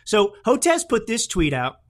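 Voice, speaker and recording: Animated, combative male podcast host. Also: high-pitched, moderate pace. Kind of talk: opinionated political commentary.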